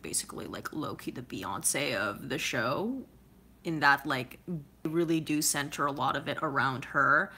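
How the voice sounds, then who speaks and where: Woman, casual vlog chat, low voice, bright tone, lots of filler words, laughs often. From California. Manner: chatty, rambling, heavy filler words and frequent laughs. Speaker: vlogger answering viewer comments.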